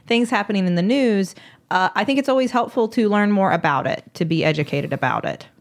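A woman's voice: mid-range voice, expressive, brisk. A woman doctor co-hosting a podcast, explaining things casually with some hesitations and teasing. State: recovering voice after illness. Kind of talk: casual chat.

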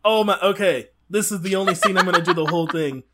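A man's voice: high voice, fast, bright, forceful tone, a little hiss or hum. A man co-hosting a podcast, chatting casually and laughing often as he recaps a movie. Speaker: podcast co-host.

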